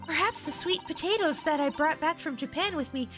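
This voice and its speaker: A woman voicing a kindly, courteous older landlady in a video game, speaking in a soft, genteel manner. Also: high voice, brisk, music in the background, voice pushed up, lightly acted. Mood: gentle.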